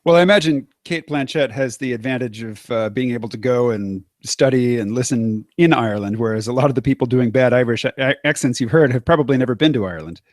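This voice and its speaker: Male host, relaxed chat, laughs easily, mid voice, dead-dry room. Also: medium pitch, quick pace, hardly any pauses, no room sound. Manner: easygoing, laughs often, hesitant fillers. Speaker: podcast host. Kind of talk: casual chat.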